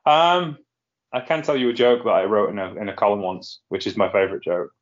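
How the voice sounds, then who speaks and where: A man's voice: on the low side, brisk. A man hosting a casual podcast, chatty and rambling, often laughing at his own jokes. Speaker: podcast host. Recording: lo-fi muffled sound.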